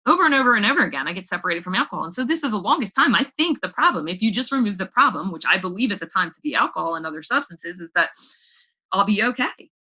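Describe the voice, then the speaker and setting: A woman's voice: mid-range voice, expressive, fast talker, bright, forceful tone. Candid woman telling her recovery story. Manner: candid and raw, repeats words when emotional. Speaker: AA speaker sharing her story. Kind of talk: personal recovery testimony. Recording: dull lo-fi recording.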